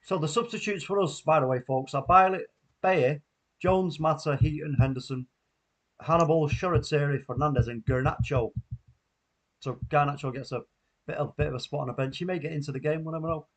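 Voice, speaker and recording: A man hosts a live football watchalong stream, reading viewer comments aloud and laughing often. His voice sits a little high for a man. He keeps the talk loose and chatty. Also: brisk. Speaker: watchalong host. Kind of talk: casual live stream chat.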